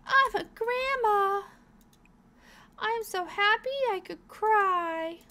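A woman's voice: very high-pitched, fairly quick, a bit bright, pitched above the performer's own voice. A woman voicing a cheerful, doting grandmother character in a life-sim game, in a gushing, sing-song way.

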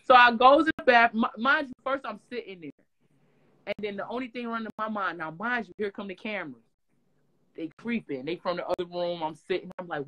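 A woman from Detroit telling stories in a casual interview, animated and profane, loudly acting out what people said. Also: medium pitch, normal speed, pauses often, rough recording. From Detroit, USA. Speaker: guest.

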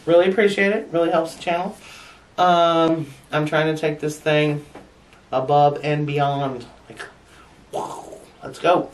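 A woman's voice: low voice, little pitch movement, unhurried, distant mic, a little hiss or hum. A woman vlogger spins a story to her viewers, laughing often and swearing without a filter. Her voice sits a little back from the mic. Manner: chatty and frank, laughing often, with blunt swearing. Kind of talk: casual storytelling to camera.

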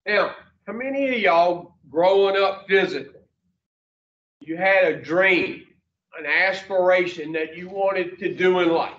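Brief: high-voiced man, slow delivery, speaks to a group from a distance in an echoey room. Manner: folksy, profane, asks the room questions. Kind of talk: blunt motivational talk to a group. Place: room with a small audience. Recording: roomy, distant, dull mic.

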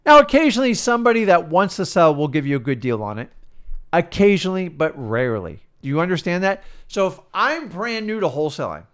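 A middle-aged man coaching in an emphatic, worked-up rant, swinging between loud bursts and quiet asides. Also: high voice. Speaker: real estate coach.

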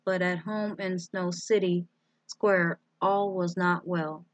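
A woman reading a children's book aloud, with slow, deliberate phrasing. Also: fairly low pitch, steady tone, no echo. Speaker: storybook reader.

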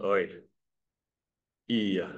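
A man's voice: deep voice, extremely slow, highs cut off. A man teaching English pronunciation to a class, patiently drilling vowel sounds and calling on students. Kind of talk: classroom lesson.

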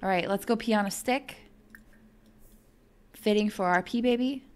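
A young woman giving excitable, chatty let's-play commentary as a gaming video host, thinking aloud as she plays. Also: mid-range voice, normal speed, smooth.

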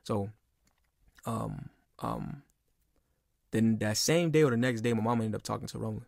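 A podcast guest in his twenties vents in a casual monologue, emphatic and profane, that keeps looping back on itself. His voice is fairly low, creaky and darkish at normal speed, recorded as clean studio sound with no echo.

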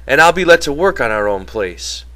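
A worried old ranch hand missing one hand pleads to be let in on the plan, voiced by a man reading an audiobook. He talks in plain, rough rural speech, eager and a little desperate, in a bright, forward tone. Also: medium pitch, expressive, normal speed, voice pushed up. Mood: pleading. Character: elderly one-handed male ranch hand, anxious, eager.

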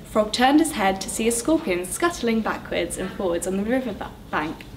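A woman's voice: moderate pace, far from the mic, a little hiss or hum. A woman on school staff reading a children's fable aloud, lifting her voice for the characters. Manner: voices characters with lively pitch jumps. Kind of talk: storybook read-aloud.

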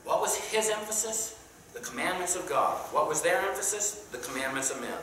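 A Sunday school teacher with a bright, sharp-edged voice talks through a Bible lesson in a casual, halting way, with plenty of "uh"s and questions for the class. The scripture passages come in old King James wording. The voice bounces around a very echoey church room, picked up from well away from the mic with a faint hiss underneath. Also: medium pitch, expressive, recorded from a distance. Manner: conversational, asks the class questions, many "uh"s.

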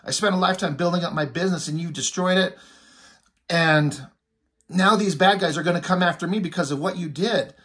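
A man's voice: high-pitched, expressive, quick pace, hardly any pauses, pitched above the performer's own voice. A man voicing a panicking male warehouse boss in a comic recap, ranting in a rush. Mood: panicked.

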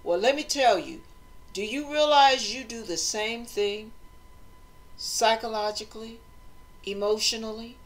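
Animated woman giving a motivational talk. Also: a little high, a little slow, long pauses. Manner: animated, acts out quoted voices, conversational preaching. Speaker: host.

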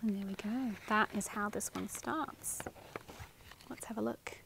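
A woman and children's librarian reading picture books and leading rhymes in an animated, sing-song, clear way. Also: mid-range voice, unhurried, noisy background.

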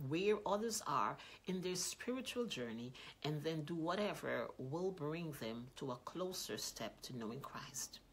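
A woman preaching a sermon earnestly, repeating key lines and voicing example prayers louder. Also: low-pitched, slightly rough. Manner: earnest, repetitive, rising loud when quoting prayers.

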